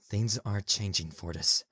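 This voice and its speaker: A gentle, worried unicorn father who speaks slowly and somberly, as a man acts him out. The recording sounds dry and close, in an audio drama. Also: lowish voice, breathy edge, dry recording, exaggerated voice. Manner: calm, somber, slow. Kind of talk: fan audio drama acting.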